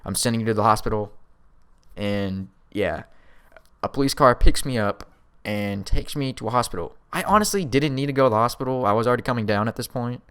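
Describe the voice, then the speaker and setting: A man's voice: medium pitch, a little fast, a bit bright, smooth. A young man in his late teens casually telling a personal story to his viewers, laid-back and slangy with lots of fillers. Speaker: vlogger.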